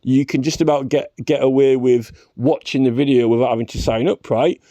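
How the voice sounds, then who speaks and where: A man's voice: medium pitch, steady tone, a little fast, dark tone, dry recording. A man delivering a rambling, profane rant straight to camera, checking in with a constant "right?". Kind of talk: ranting vlog monologue.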